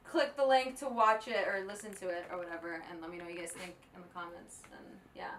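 A woman's voice: lowish voice, fairly even intonation, fast talker, fairly bright tone, a little hiss or hum. A woman who writes and directs a podcast, chatting casually behind the scenes in an upbeat, laughing way and giving directions.

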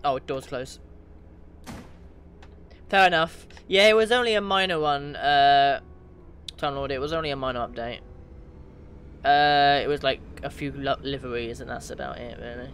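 A man from the UK chatting casually with his viewers during a live game stream, reading out their names and getting excited now and then. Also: medium pitch, normal speed, pauses often, a little hiss or hum. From United Kingdom. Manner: chatty, reads out chat names, bursts of excitement. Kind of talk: casual gaming livestream chat.

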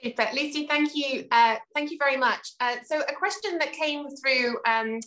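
Polite woman moderator, slightly high voice. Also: fairly bright tone, low-quality recording. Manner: measured and polite, halting with fillers. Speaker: panel moderator, head of drama. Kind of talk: moderating questions.

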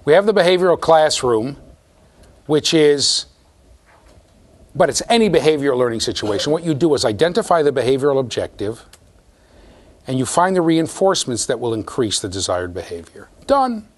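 A man with a medium-pitched voice, big pitch swings and normal speed gives a university lecture to a large class. Playful, he talks straight to his students during a classroom lecture with a live demonstration.

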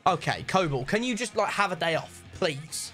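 A man's voice: sits high, animated, normal speed, pushed and bright, soft background music. A young man casually commentating a football video game match with a friend, laughing and bantering. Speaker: gaming YouTuber host.

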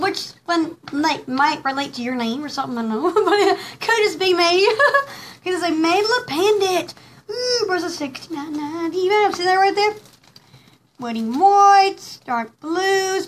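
A woman's voice: very high voice, fairly bright tone, slight background noise. A woman hosting a casual live pearl jewelry showcase, gushing and giggling, rambling with lots of fillers. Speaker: host showing pearl jewelry.

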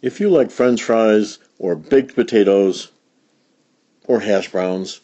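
A man reading a picture book aloud for young learners, animated, with big jumps in pitch for emphasis. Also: slow pace, dull audio. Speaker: storybook reader.

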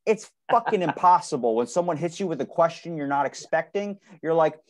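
A man's voice: a little high, expressive, brisk, hardly any pauses. Podcast host guy, blunt, swears a lot, punches his points. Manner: blunt, swears freely, emphatic. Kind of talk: casual conversation.

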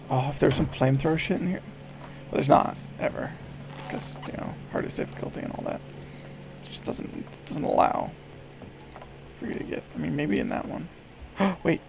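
A man streaming a horror game, swearing and talking excitedly to himself and the game. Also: fairly high pitch, normal speed, creaky, pauses often, noisy background. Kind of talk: live gameplay commentary.

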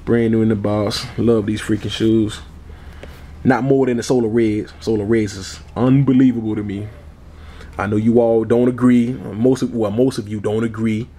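A man's voice: lowish voice, steady tone, normal speed, warm tone. A man vlogging casually about his sneakers in a laid-back way, often tacking on "man" and chuckling. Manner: laid-back, repeats "man" and "you all" a lot. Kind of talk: casual chat.

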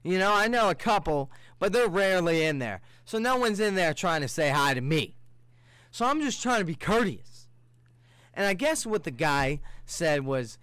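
A man hosting a solo podcast, ranting in a rambling, profane way that swings from low mutters to heated outbursts. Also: very animated, brisk, a bit bright, no echo. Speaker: podcast host. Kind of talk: casual solo podcast rant.

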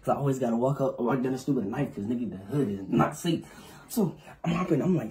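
Young man, storytime vlog, husky voice, lively swooping pitch, slightly high. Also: brisk. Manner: animated storytelling, acts out sounds and quotes. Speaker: vlogger.

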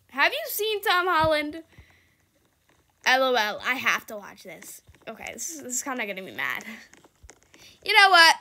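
A young woman gaming YouTuber, her voice sitting high and sounding pushed and bright, talks casually over her gameplay. She is giggly, laughing often, exclaiming, shrieking for help, and reading chat out loud.

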